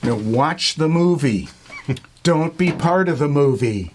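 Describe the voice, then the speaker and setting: A man's voice: a little high, expressive, measured pace, slight background noise. Rambling, profane middle-aged man storyteller. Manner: rambling, profane, laughs through his stories. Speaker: guest, longtime retail worker. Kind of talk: casual storytelling.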